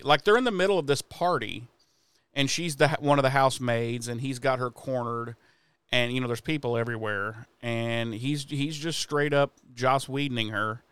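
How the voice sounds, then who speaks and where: Smooth-voiced man recapping casually. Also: medium pitch, normal speed, no echo. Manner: profane, animated retelling with quoted voices. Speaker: podcast co-host recapping an episode.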